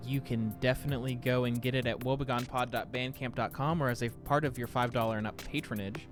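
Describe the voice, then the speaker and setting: Streamer grumbling at a hard game, mid pitch, bit of music behind. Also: fairly even intonation, a little fast, few pauses. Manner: self-deprecating, exasperated. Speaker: podcast host streaming a video game. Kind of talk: casual game-stream chat.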